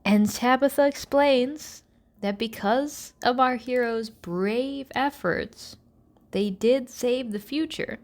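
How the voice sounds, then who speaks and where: A woman hosting a podcast, recapping episodes in a sarcastic, animated storytelling way and slipping into mock voices for the characters. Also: a little high, takes it slowly. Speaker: podcast host.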